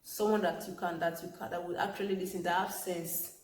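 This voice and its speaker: Young woman, casual vlog to camera, earnest and repetitive, lowish voice, roomy echo. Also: steady tone, a little fast. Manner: earnest, repetitive, emphatic, with soft laughs. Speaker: vlogger. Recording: echoey room with faint background ambience.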